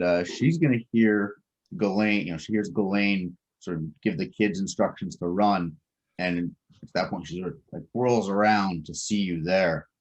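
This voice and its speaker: A man's voice: sits low, darkish tone. A man running a tabletop game as game master, explaining the scene at length with many fillers and restarts.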